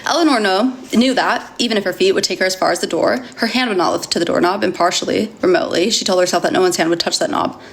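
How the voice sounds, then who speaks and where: Woman streamer, gravelly voice, casual read-aloud with asides, middling pitch. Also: quick pace, hardly any pauses, a little hiss or hum. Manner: reads with stumbles and chatty asides to viewers. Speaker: livestreamer reading a novel aloud. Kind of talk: casual livestream reading aloud.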